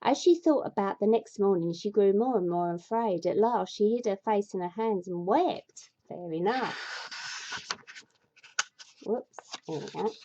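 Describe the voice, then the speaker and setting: A woman's voice: medium pitch, a little slow, dark tone, a little hiss or hum. A woman reading a fairy tale aloud, breaking off into exasperated, sweary asides, with a dull lo-fi sound. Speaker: storyteller.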